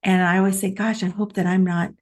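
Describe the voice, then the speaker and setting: A woman's voice: medium pitch, level tone, fast. A middle-aged woman co-hosting a talk show, telling a personal story in a heartfelt, chatty way. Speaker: podcast co-host. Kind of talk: casual chat.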